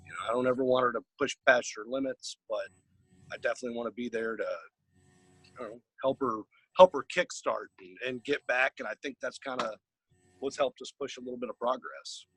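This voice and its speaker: A man's voice: medium pitch, slightly rough, dry recording, poor audio. A man from the Chicago area, a caregiver, talks casually and ramblingly on a video call. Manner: relaxed, rambling, many fillers. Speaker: caregiver partner. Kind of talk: casual personal sharing on a group call.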